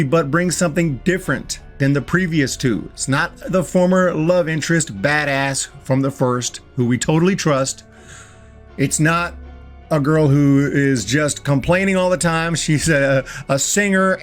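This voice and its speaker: Excitable man reviewing a film. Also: on the high side. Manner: enthusiastic, restarts and repeats words often. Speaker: movie reviewer. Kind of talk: casual movie review.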